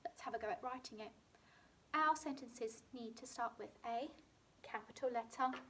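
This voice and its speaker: A woman with a British accent teaching a phonics lesson to young children, sounding out words clearly and slowly. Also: a little high, background noise. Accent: British English. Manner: slow, clearly sounded-out words with bright emphasis. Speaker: primary school teacher.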